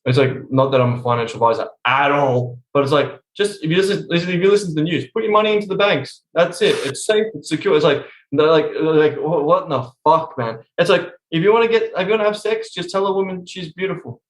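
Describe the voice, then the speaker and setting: A man's voice: a little high, quick pace, few pauses. A man chatting on a podcast in a blunt, emphatic way, swearing constantly. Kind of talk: casual podcast chat. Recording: roomy echo.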